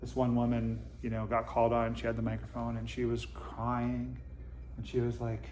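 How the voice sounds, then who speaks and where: A man in a meditation hall gives a relaxed Dharma talk, his mid-range voice carrying a roomy echo. He speaks conversationally to his listeners and slips in dry, self-deprecating humor. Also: mid-range voice, fairly quick, a little hiss or hum. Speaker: Zen teacher giving a Dharma talk.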